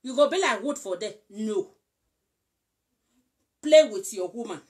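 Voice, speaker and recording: A woman's voice: fairly high pitch, lively intonation, unhurried, a little mellow. A woman with a Nigerian accent giving casual relationship advice, coaxing and repetitive, often checking that she is understood. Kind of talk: casual instructive talk.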